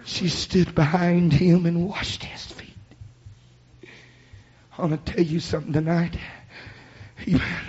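A man's voice: fairly high pitch, little pitch movement, slow pace, pauses often, a little mellow. A man preaching a sermon, telling the story dramatically and acting out the voices he quotes. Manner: rhythmic chanted preaching with breathy "uh" between phrases. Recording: muffled recording with faint hiss.

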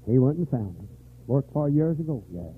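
An older man preaching a revival sermon, dropping to weary low talk and rising to shouted, high-pitched fervor. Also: very animated, moderate pace, a little hiss or hum. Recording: tinny lo-fi church recording.

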